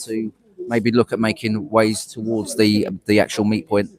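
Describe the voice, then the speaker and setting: A man's voice: fairly low pitch, flat delivery, normal speed, a little mellow. A man reporting live outdoors from a town centre, talking loosely with many restarts and fillers. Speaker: livestream reporter. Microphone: phone on a gimbal.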